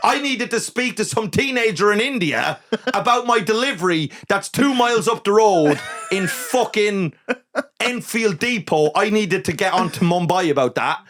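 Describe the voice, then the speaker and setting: A man telling a comic story as a podcast guest, animated and profane, acting out the people in it. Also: sits high, normal speed, slight background noise. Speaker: guest comedian.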